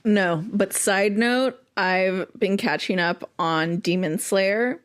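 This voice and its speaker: A woman's voice: mid-range voice, takes it slowly. A woman co-hosting a podcast in casual chat, rambling with wry asides and plenty of fillers. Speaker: podcast co-host.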